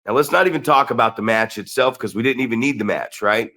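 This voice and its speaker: A man co-hosting a wrestling podcast, telling stories in an animated, excitable way with lots of restarts. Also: medium pitch, quick pace. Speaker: podcast co-host and wrestling promoter. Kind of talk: casual storytelling chat.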